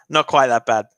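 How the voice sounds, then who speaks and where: A man with a refined Australian accent that leans British, chatting his way through a hockey reaction stream. His voice is bright and forceful, smooth and crisp, with a dry, close sound and no room around it. He keeps things loose and joking and laughs often. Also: medium pitch, no echo. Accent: refined Australian, leaning British. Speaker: live stream host. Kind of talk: casual hockey reaction commentary.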